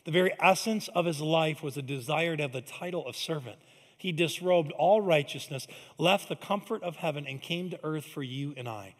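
Pastor, male, conversational preacher, loud then hushed, church hall echo. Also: on the high side, normal speed. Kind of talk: sermon. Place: large church sanctuary. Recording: long hall reverb.

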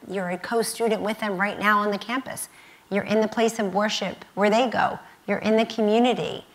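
A woman's voice: medium pitch, a bit bright, rough recording. A woman in her fifties speaking on stage at a student conference, emphatic and repeating key phrases. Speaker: guest speaker. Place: university event stage.

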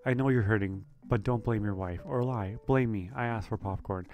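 A man reading game dialogue as a bitter middle-aged male war veteran, in a quiet, low-key voice. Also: normal speed, close to an everyday voice.

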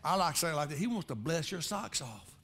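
A man preaching a sermon as pastor, conversational, swinging between quiet reflection and loud emphatic rises. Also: sing-song, brisk, husky. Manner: conversational preaching with sudden rises in pitch and volume.

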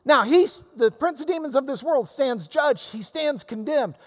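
Bible teacher, male, emphatic and lively in pitch, lecturing in a reverberant hall. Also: moderate pace. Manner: emphatic, animated, swings between loud and soft. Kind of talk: lecture answering questions.

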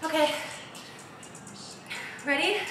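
Over music, a young woman coaching a live workout speaks in a high-pitched voice at an extremely slow pace, upbeat and cheering through each rep though out of breath. She is a fitness instructor on a large, empty home gym floor, recorded in an echoey room with a distant mic.

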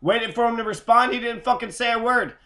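A man's voice: very high-pitched, steady tone, fairly quick, bright, forceful tone. A man in an angry, profane rant, cursing and repeating himself. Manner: heated, cursing, repetitive. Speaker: host.

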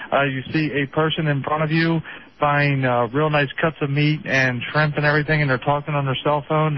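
A man's voice: a little high, slight background noise. A man calling in to a radio show, ranting in a rambling, irritated way. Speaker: caller. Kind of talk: phone-in rant. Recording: muffled radio phone line.

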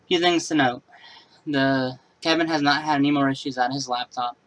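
A man's voice: medium pitch, fairly even intonation, normal speed, a bit bright, rough recording. A man casually talking through a laptop repair in a how-to vlog, rambling and matter-of-fact. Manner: rambling, many fillers and restarts. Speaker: computer repair vlogger.

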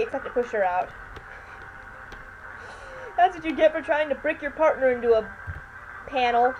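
A woman's voice: high voice, very animated, fairly quick, pauses often, a little mellow, low-quality recording. A tired, yawning woman giving rambling, chatty commentary while she plays a video game. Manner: chatty, rambling, keeps saying "anyway". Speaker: let's player. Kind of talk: casual gameplay commentary. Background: faint washing machine hum.

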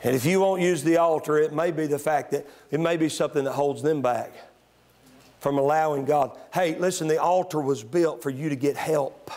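Male pastor, high pitch, preaching sermon that swings from quiet teaching to shouting. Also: normal speed. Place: church sanctuary.

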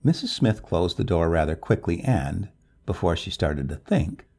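A low man's voice, gravelly and husky, reads a story aloud in a measured, expressive way. His tone is dark and mellow, and his pitch moves over a very wide range. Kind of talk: scripted narration.

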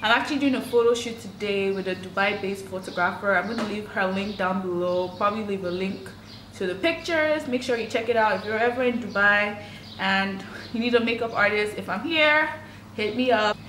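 A woman's voice: mid-range voice, fairly quick, fairly bright tone, a little hiss or hum. A woman makeup vlogger chatting casually and upbeat to camera, dropping frequent "like" fillers. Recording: echoey room.

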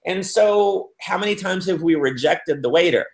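A man's voice: high-pitched, normal speed, creaky, slight background noise. A man giving a motivational business talk, telling stories and acting out the people in them. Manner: animated storyteller acting out quotes. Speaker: business speaker. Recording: roomy echo.

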